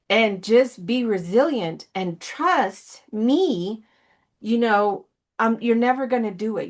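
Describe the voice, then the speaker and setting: Earnest woman preaching with blunt urgency. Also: medium pitch. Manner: earnest, pleading, blunt, at times profane; rambling, with many fillers and restarts. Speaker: ministry coach. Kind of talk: emotional motivational preaching.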